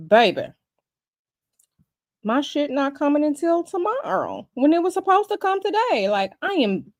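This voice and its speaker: Sassy, lively woman streamer. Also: a little high, no echo, studio quality. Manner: chatty, sassy, addresses viewers as y'all and baby. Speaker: livestream host. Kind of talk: casual livestream chat.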